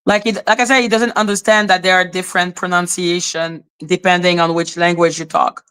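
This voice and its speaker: A woman's voice: on the low side, level tone, fairly quick, a bit bright, smooth. A woman from Haiti with a Haitian accent, a native speaker of French and Creole, hosting a livestream in a scornful, sarcastic and profane way. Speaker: livestream host. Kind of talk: casual livestream commentary.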